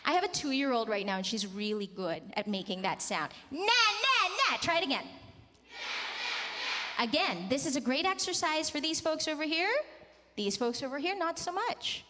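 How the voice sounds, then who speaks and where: A woman's voice: sits high, expressive, normal speed, fairly bright tone, slight background noise. A woman in her thirties teaching a singing workshop, demonstrating vocal sounds and coaxing the group to join in. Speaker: vocal coach. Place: large conference hall. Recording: long hall reverb.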